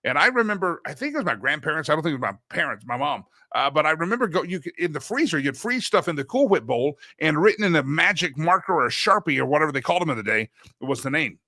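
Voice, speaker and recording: A man's voice: a little high, big pitch swings, fast talker, pushed and bright, no room sound, studio quality. A middle-aged man hosting a talk show, telling rambling personal stories and often correcting himself mid-sentence. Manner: rambling, anecdotal, self-correcting. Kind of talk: casual talk show monologue.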